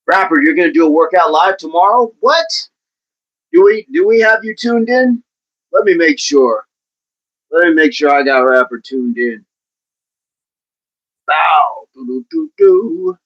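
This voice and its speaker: A man's voice: fairly high pitch, expressive, moderate pace, fairly bright tone, muffled recording. Playful man chatting on a livestream. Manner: chatty and playful, talking straight to viewers. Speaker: livestream host reading chat. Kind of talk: casual livestream chat.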